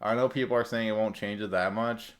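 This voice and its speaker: Guy with a lowish voice rambling about game updates, slangy, lots of "like" and "um". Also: fairly even intonation, fairly quick, fairly bright tone. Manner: rambling, loose slangy talk with many fillers. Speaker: gaming content creator. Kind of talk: casual commentary on game updates.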